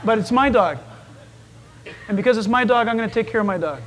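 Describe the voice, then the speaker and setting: A man preaching a sermon in an animated storytelling manner, acting out the voices in his stories. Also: sits high, brisk. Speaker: pastor.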